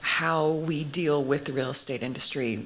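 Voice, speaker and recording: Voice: medium pitch, fairly even intonation, moderate pace, fairly bright tone, a little hiss or hum. A panel moderator asking long, winding questions at a conference.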